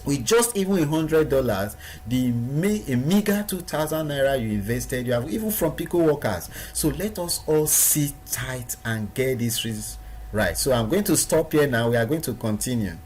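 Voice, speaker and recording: A man's voice: medium pitch, animated, moderate pace, a little mellow, slight background noise. A man giving a recorded training lesson to his students, stressing points by repeating words. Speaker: online business trainer.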